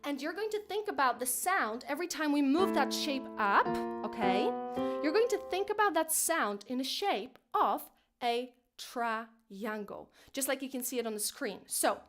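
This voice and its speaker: A woman teaching an online singing lesson, encouraging and playful, now and then jumping into a high head voice. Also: lively intonation, moderate pace, a bit bright, faint music behind.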